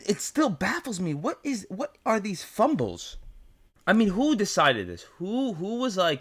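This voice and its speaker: A man's voice: sits high, sing-song, measured pace, a bit bright. A young man with a New York accent ranting as host, incredulous and profane, repeating himself as he builds up. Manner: incredulous, swearing, repetitive rant.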